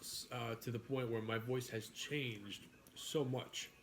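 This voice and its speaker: A man's voice: mid-range voice, fairly even intonation, slow pace, a little hiss or hum. Easygoing man from New York, chatting while eating. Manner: easygoing, musing, trails off and restarts. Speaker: food vlogger. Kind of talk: casual chat while eating.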